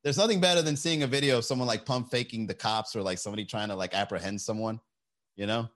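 A man's voice: on the low side, quick pace, fairly bright tone. A man hosting a casual live stream, rambling, joking and swearing, and laughing often between lines.

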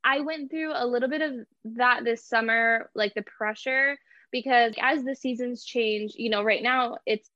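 Young woman guest, chatty, quick laughs, fairly high voice, slightly muffled dry recording. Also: bright, forceful tone, dry recording. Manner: chatty, laughs often, many "like" and "you know" fillers. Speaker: guest, artist and small business owner. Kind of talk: casual interview chat.

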